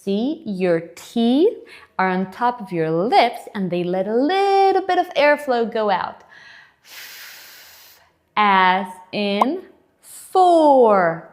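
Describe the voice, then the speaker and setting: A woman teaching English letter sounds to young children, speaking slowly and clearly, with exaggerated letter sounds and lots of encouragement. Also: on the high side, sing-song, a little mellow. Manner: encouraging, repeats and invites kids to join in. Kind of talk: children's phonics lesson.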